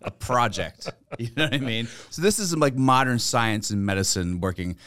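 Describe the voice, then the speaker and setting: A man's voice: medium pitch, expressive, normal speed, fairly bright tone, dry recording. Laid-back man with a Southern drawl. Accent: Southern American. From Virginia, USA. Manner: self-deprecating, laid-back. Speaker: guest, comedian. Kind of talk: casual chat.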